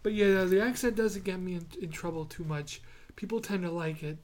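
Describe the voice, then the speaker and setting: A young man co-hosting a podcast in casual chat, telling stories and getting animated when he quotes himself. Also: sits high, brisk, slight background noise. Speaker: podcast co-host.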